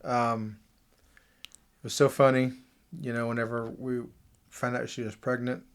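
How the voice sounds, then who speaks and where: Male podcast guest, mid-pitched, animated and chatty storyteller. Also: unhurried, smooth. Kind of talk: casual conversation.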